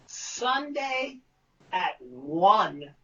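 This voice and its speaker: A man, a guest, telling profane, animated stories in casual conversation over a video call. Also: high-pitched, drawn-out words, distant mic, muffled recording. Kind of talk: casual storytelling.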